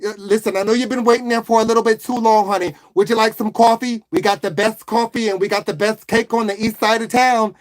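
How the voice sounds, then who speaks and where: A man's voice: high-pitched, steady tone, fast talker, few pauses, natural voice. A man putting on an Italian-American accent, playing a pushy, gossipy diner waitress who runs down her coworkers. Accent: put-on Italian-American.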